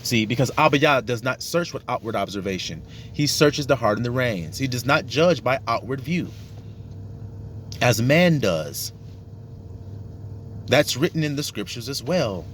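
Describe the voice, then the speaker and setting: A man's voice: medium pitch, animated, unhurried, fairly bright tone, a little hiss or hum. A man giving a casual, profane sermon, acting out little dialogues to make his points. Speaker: religious teacher.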